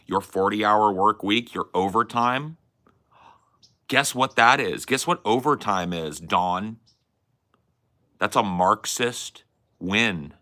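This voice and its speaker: A man's voice: fairly low pitch, pushed and bright. A young man hosting a stream, ranting at a chat member in a combative, mocking and profane way. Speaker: stream host arguing with chat. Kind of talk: heated stream rant.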